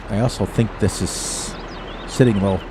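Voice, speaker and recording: A man's voice: lowish voice, steady tone, normal speed, background noise. Chatty older man streaming a farm game. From eastern United States. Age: 60s. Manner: chatty, rambling, laughs at own jokes. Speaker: gaming streamer. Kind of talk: casual gameplay commentary.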